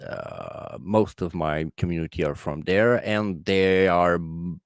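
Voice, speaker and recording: A man with a Quebec French accent speaks English as a second language and talks casually as a guest. His voice sits low and sounds dry and close. He pauses and restarts as he searches for words. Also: no echo. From Quebec, Canada. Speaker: guest content creator. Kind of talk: casual interview chat.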